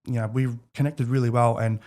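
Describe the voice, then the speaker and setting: A man's voice: medium pitch, fairly even intonation, fairly quick, a little mellow. A man in his thirties with an Australian accent, a podcast guest talking candidly and rambling, with many restarts. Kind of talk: casual interview chat.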